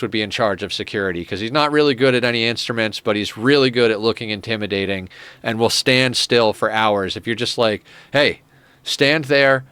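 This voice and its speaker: A man's voice: lowish voice, fairly bright tone, smooth, dry recording. A man streaming a strategy game, chatting casually and telling a rambling story at a desk microphone. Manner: rambling storyteller, laughs at his own story. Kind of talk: casual chat while playing a strategy game.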